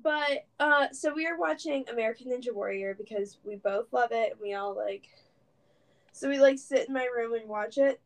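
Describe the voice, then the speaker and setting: A young woman with a high voice tells a story in a loose, chatty way. Her talk is full of "like" and small restarts, as in a casual podcast chat between friends. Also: normal speed. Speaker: podcast co-host.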